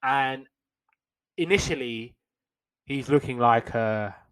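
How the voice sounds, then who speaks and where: A young man hosting a podcast, casually recapping an old cartoon episode with wry slangy asides and quick put-on voices for the characters. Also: medium pitch, clean tone, poor audio. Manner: animated retelling, acts out characters' lines in quick put-on voices.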